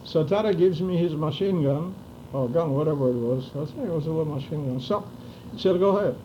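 A man's voice: on the high side, a little fast, dull audio, a little hiss or hum. An older man in an oral history interview, telling his memories vividly and acting out the dialogue. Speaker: interviewee recounting wartime memories.

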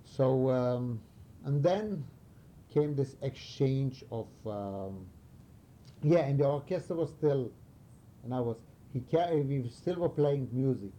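An older man from Romania in an oral history interview, telling wartime stories haltingly as he searches for words, with some animated moments. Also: medium pitch, a little hiss or hum. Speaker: interviewee recalling wartime past.

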